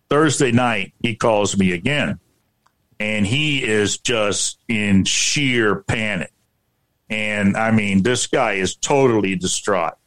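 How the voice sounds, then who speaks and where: A man working as a paranormal researcher tells a personal story in a halting way, often repeating himself and filling gaps with "you know". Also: on the low side, fairly bright tone.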